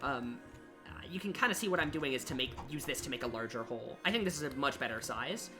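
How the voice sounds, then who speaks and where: A young man chatting casually on a live stream as he builds a game level, his voice sitting mid-range. He talks to himself about his work in a self-deprecating way. Music plays clearly behind him, with keyboard typing. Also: medium pitch, expressive, fast talker. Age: young adult. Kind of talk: casual live-stream chat while working.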